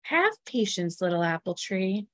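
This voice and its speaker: A woman voicing God in a children's story, speaking gently and calmly. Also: medium pitch, a little slow, no echo, clean studio sound. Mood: gentle. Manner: gentle, calm. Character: gentle patient fatherly God.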